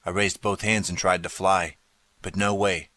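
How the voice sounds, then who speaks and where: A man narrates a children's story in the first person with dramatic, lively storytelling. His voice is low but bright and forceful. The recording is dry and close. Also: moderate pace, dry recording. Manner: dramatic storytelling, turns pleading for the boy's lines. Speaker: audiobook narrator.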